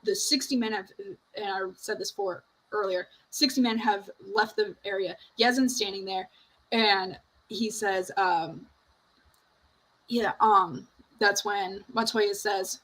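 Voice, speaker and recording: Husky-voiced woman host, chatty. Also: medium pitch, fairly even intonation, slow pace, fairly bright tone, poor audio. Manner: retelling movie scenes with lots of fillers; chatty, laughs easily. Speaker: podcast host. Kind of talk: casual chat.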